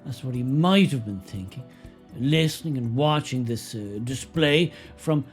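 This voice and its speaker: A man's voice: mid-range voice, animated, a little slow, faint music behind. A man giving sarcastic political commentary in a mocking, emphatic way. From Ireland.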